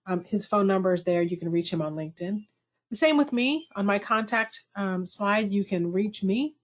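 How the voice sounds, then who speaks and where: Woman webinar host on a video call, middle-pitched, chatty and self-deprecating. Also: expressive, normal speed. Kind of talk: conversational webinar talk.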